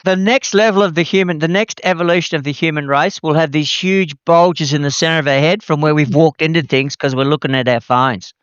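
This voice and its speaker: A man from Western Australia, a guest on a podcast interview, talking in a wry, joking, relaxed way. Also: on the high side, brisk, hardly any pauses, clean tone, no room sound, lo-fi sound. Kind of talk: casual conversational interview.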